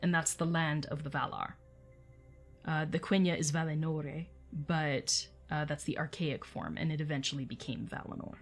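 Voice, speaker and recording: A woman with a notably low voice talks through terms casually, with frequent fillers and quick laughs. Faint music runs behind her. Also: fairly even intonation. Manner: chatty, laughs often, many fillers. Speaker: host. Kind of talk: casual explanatory livestream commentary.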